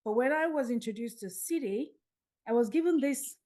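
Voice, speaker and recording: Animated woman telling a story. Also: high voice, normal speed. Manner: animated, acts out dialogue. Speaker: podcast guest. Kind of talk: storytelling in an interview.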